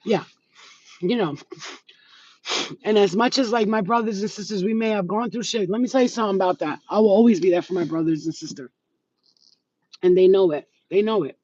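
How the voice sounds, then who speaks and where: A woman's voice: fairly low pitch, warm tone. A middle-aged woman talking straight to her viewers as a spiritual healer, giving blunt, profane, streetwise advice in a casual monologue. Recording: dull lo-fi sound.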